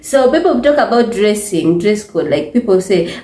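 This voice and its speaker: A woman's voice: mid-range voice, expressive, normal speed, dark tone. A woman with a Ugandan English accent talking to camera in a casual vlog, emphatic, repetitive and exasperated. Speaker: vlogger. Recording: echoey room.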